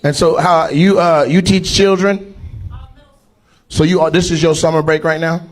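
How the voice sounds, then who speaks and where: A middle-aged man doing stand-up crowd work on a live comedy stage, teasing audience members with loud, profane banter. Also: fairly high pitch, fairly even intonation, moderate pace.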